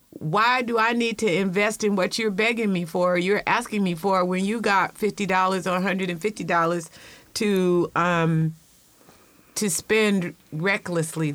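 A woman's voice: fairly low pitch, dry recording. Emphatic middle-aged woman co-host. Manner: emphatic, rises to loud passionate bursts. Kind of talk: casual chat.

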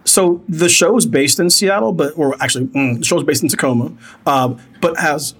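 A man hosting a podcast interview, asking questions in a relaxed, conversational way. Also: fairly high pitch, moderate pace, husky. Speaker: podcast host. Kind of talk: casual interview.

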